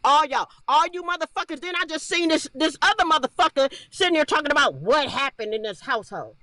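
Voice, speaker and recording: An angry woman ranting on a livestream, profane, shouting and repeating herself. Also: sits high, lively intonation, fairly quick, no room sound.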